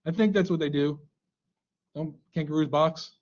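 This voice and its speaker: A man's voice: fairly high pitch, moderate pace, darkish tone, highs cut off. A male teacher leading a live online class in a playful, joking way, coaxing students to answer, over a computer mic on a video call.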